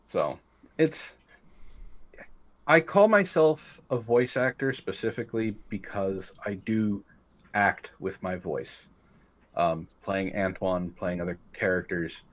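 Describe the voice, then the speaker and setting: A man from California with a lowish voice chats loosely on a podcast. He tells stories about his voice work in a candid, profane way, in no hurry to get to the point. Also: animated, slow pace. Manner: candid, storytelling, swears freely. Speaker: voice actor guest. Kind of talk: casual podcast chat.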